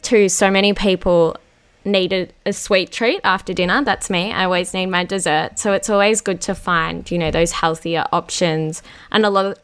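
A woman interviewing a guest in a friendly, chatty way, her voice going hoarse. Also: lowish voice. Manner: friendly, chatty, fillers and small restarts. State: losing her voice. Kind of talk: conversational interview.

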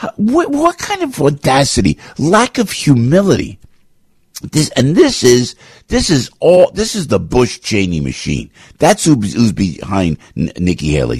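A man's voice: medium pitch, slightly rough, no echo, clean studio sound. A man hosting a radio talk show, delivering a fired-up political commentary monologue and repeating his phrases as he rants.

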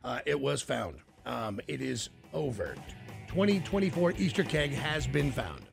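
A man hosting a radio show, joking loudly with callers, laughing often and swearing. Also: medium pitch, animated, measured pace, gravelly, soft background music. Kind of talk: loud joking radio banter.

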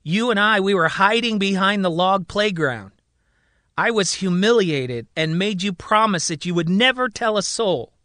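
A man's voice: high-pitched, lively intonation, moderate pace, pushed and bright, dry recording, voice pushed up. A man voicing a male patient who insists he is the president, earnest and pleading.

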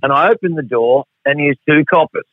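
His pitch fairly high and his pace a little fast, the middle-aged Australian guest rambles through a salty, wry anecdote on the radio. The phone line is tinny and dry, without echo.

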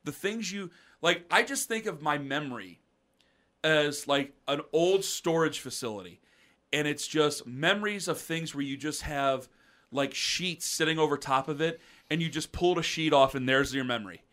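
A middle-aged man on a podcast, telling rambling stories in a casual, animated way. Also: fairly high pitch, moderate pace. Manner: rambling, animated storyteller with mocking quoted voices. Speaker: podcast co-host. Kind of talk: casual storytelling chat.

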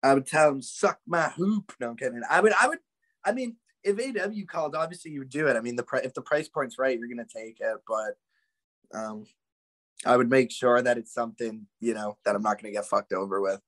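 Canadian man, wrestler guest, relaxed and profane, filler-heavy. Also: mid-range voice, brisk, no echo. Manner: laid-back, profane, many fillers. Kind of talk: casual interview chat.

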